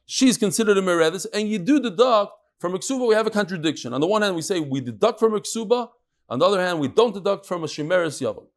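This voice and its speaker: A middle-aged man leads a daily Talmud class in a lively, jokey way, his voice sitting a little high for a man. He shifts between plain English and Hebrew-Aramaic terms as he explains. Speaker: Talmud class teacher and host. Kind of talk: lively Talmud lesson to a live group.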